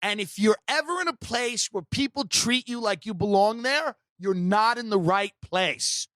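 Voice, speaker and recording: A male American comedian tells a long story on a podcast, sardonic, animated, and provocative. His voice is high-pitched and he keeps a measured pace. There's no room sound.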